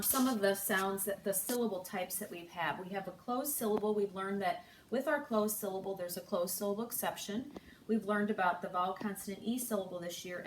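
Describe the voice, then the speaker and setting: A woman teaching a recorded phonics lesson to third graders, speaking slowly and clearly and drawing out each sound. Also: mid-range voice, a little hiss or hum. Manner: slow, clear, patient teacher talk with drawn-out sounds. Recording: echoey room, distant mic.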